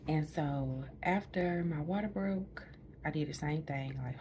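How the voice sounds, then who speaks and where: Chatty low-voiced woman with a lilt. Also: measured pace, muffled recording, a little hiss or hum. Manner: chatty, laughs often, drops to a hush when retelling. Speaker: new mother recounting a birth. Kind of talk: casual storytelling to camera. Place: hospital room.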